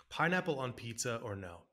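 A man's voice: mid-range voice, bright, forceful tone. A man hosting a podcast, asking questions in a playful, joking way and laughing a lot. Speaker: podcast host. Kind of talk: conversational podcast interview.

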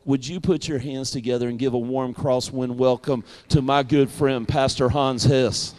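A man's voice: medium pitch, steady tone, normal speed, darkish tone. A middle-aged man with a Southern American accent, a pastor introducing a guest with a folksy story. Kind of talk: church introduction.

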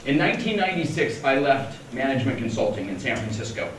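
A man's voice: mid-range voice, very animated, quick pace, a bit bright. A man in his forties from Colorado telling a story at a conference in a wry, self-deprecating, joking manner. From Denver, Colorado, USA. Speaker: conference speaker. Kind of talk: humorous keynote storytelling. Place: large conference hall. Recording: echoey hall, distant mic, faint noise.

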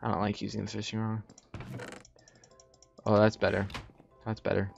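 A young man giving jumpy, excitable commentary while playing a Minecraft survival match, talking to himself and often yelping in panic. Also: lowish voice, normal speed, vocal fry, soft background music. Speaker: gaming YouTuber. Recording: slightly dull lo-fi audio.

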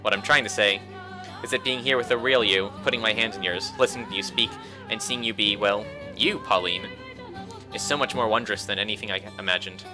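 A man's voice: on the low side, brisk, lightly acted, rough recording. A man voicing a young sailor in a visual novel who speaks in an earnest and flowery way. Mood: tender. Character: young sailor man, sweet-talking and gentle. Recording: faint music behind.

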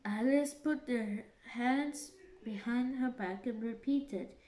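A woman reads a children's story aloud in a careful, deliberate way, now and then restarting a phrase. Her voice is high and she reads slowly. The recording has a clear room echo. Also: warm tone. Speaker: reader. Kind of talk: slow storybook read-aloud.

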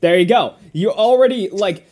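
A man's voice: high-pitched, moderate pace, a little mellow. A man hosting a casual podcast, ranting in exasperation and swearing often. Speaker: podcast host.

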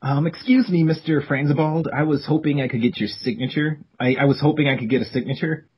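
A man's voice: a little high, steady tone, quick pace, slightly rough. A man voicing a nervous, overeager male fan dressed as furniture in a comic read-through over a call. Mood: nervous eager. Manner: nervous, eager, breaks into yelps. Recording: dull lo-fi call audio.

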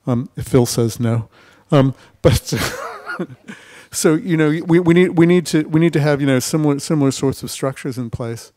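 Male investor panelist, festival stage, animated talker who acts out quotes. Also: a little high, moderate pace. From United States. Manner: animated storytelling, acting out mock quotes. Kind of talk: panel discussion.

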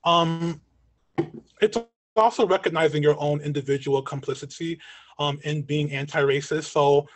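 A man's voice: fairly high pitch, steady tone, moderate pace, a little hiss or hum. Earnest man lecturing on a video call. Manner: earnest, repeats "right?" to check in with listeners. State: losing his voice. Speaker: community educator and guest speaker. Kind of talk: online lecture. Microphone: video call mic.

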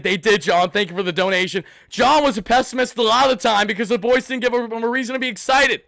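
A man hosting an emotional postgame livestream, shouting with excitement and fighting back tears. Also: high-pitched, creaky, no room sound. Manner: excitable, shouting, swings between yelling and hushed emotion. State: close to tears. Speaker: sports fan livestream host.

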